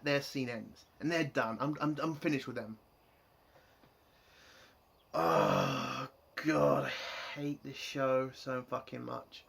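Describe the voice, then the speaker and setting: A man's voice: mid-range voice, creaky, fairly bright tone. A man giving an exasperated, sarcastic and heavily sweary rant while reviewing a TV episode. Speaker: TV show reviewer.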